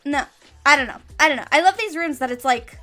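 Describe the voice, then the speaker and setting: A woman's voice: high-pitched, lively intonation, quick pace, pushed and bright, soft background music. A woman streaming a game, reading its story aloud and chatting about it in a giggly, casual way. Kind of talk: reading a visual novel aloud with casual commentary.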